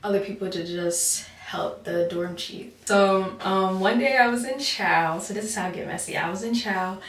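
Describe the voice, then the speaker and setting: Young woman storyteller, overbite, through-the-teeth talk, lots of "like", mid pitch, echoey and distant. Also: a bit bright. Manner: fast, chatty, full of "like". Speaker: vlogger telling a story. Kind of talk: casual storytime. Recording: roomy, distant mic.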